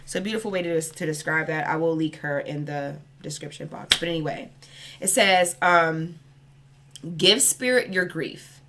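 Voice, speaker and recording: A woman's voice: low voice, fairly even intonation, moderate pace, noisy background. A young woman giving a casual spiritual card reading, chatty and rambling, with a loose, cursing, heartfelt manner. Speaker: spiritual reader.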